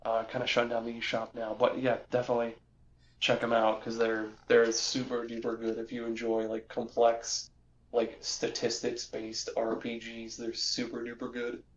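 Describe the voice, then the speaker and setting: A man's voice: mid-range voice, monotone, moderate pace, highs cut off, slight background noise. A young man co-hosting a casual podcast, rambling with lots of restarts and fillers. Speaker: podcast co-host. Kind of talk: casual chat.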